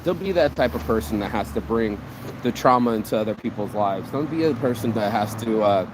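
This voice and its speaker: A man hosting his own vlog, giving a casual motivational rant in an animated, profane, rambling way, speaking outdoors on a city street. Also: lowish voice, a little fast. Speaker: vlog host. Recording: outdoor street with passing traffic.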